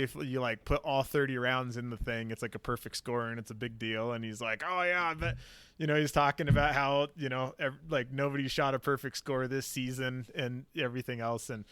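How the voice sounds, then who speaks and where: Podcast guy rambling thru a story, kinda high bright voice, dry close sound, swears a lot. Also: steady tone, brisk, clear, resonant tone, no room sound. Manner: rambling, filler-heavy, swears casually. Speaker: podcast host. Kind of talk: casual storytelling chat.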